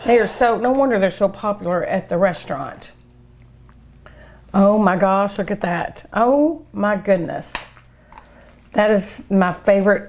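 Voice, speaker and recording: An older woman with a warm Kentucky drawl hosts a cooking show, savoring each bite and gushing over her dishes with hums and sighs. She takes her time, drawing out her words at an unhurried pace in a middle-pitched voice. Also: slight background noise. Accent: Kentucky Southern US. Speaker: cooking show host and restaurant owner. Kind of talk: food tasting show.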